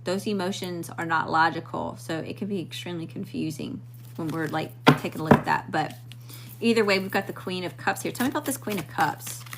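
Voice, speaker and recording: During a live-stream tarot reading, a woman chats casually, greets viewers in the chat, and talks to spirit as she draws cards. Her voice sits on the low side, steady and a little fast, with background noise present.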